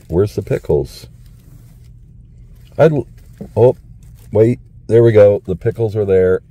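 A man's voice: low-pitched, mellow, rough recording. A man doing a casual food review vlog, chatty and enthusiastic, talking to his viewers as folks.

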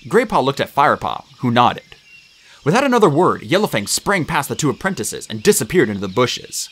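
A man reading a children's fantasy novel aloud in an expressive, animated way. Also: medium pitch, a little fast. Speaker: audiobook narrator. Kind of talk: storybook reading.

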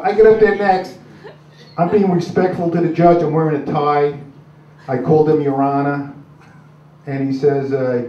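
On a club stage, a stand-up comic in his 60s rambles through a crude routine, gruff and peppered with "uh"s. His pitch is on the high side, his delivery flat, his pace moderate. It's a dull, distant club recording with a roomy sound.

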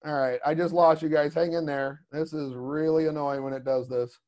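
A man with a fairly high, slightly mellow voice keeps a steady tone and normal speed as he teaches a creature design class over a video call. It's relaxed class chatter that rambles through many asides, with frequent "you know what I mean."

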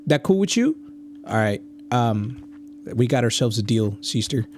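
A man's voice: medium pitch, big pitch swings, unhurried, faint music behind. A man in his thirties doing let's-play commentary, joking and swearing, with Spanish slang thrown in. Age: 30s. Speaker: gaming YouTuber.

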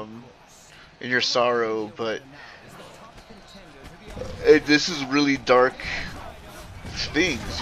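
A man streaming, ranting casually to his chat in an animated, profane, rambling way with frequent self-corrections. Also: medium pitch.

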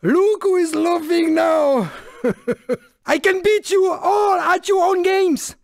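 A man's voice: very high voice, takes it slowly, gravelly, darkish tone, no echo, exaggerated voice. An actor playing a shifty little male French car in a video game, taunting rivals in a theatrical French accent. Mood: gloating. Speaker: game character.

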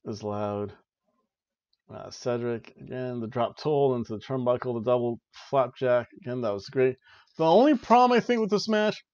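A man's voice: mid-range voice, a little mellow, dry recording, muffled recording. A young man hosting a wrestling review podcast, giving casual, joking play-by-play with lots of fillers. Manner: rambling, joking, frequent "uh" and "like".

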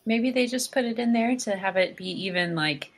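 A woman co-hosting a podcast in casual chat, relaxed, often just chiming in with short agreement. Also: a little high, moderate pace. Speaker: podcast co-host.

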